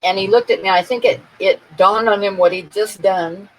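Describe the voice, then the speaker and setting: A woman's voice: medium pitch, a little fast, a little hiss or hum, rough recording. A woman chatting casually on her live stream with viewers, telling a story in a chatty, amused way and laughing along at it. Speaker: art channel host chatting with viewers.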